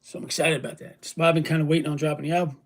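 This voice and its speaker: A man's voice: on the high side, little pitch movement, racing. A worn-out, ill man talking casually and emotionally to his viewers, rambling and swearing freely. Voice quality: gravelly. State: weary and ill. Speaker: vlogger. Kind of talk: casual vlog talk to viewers.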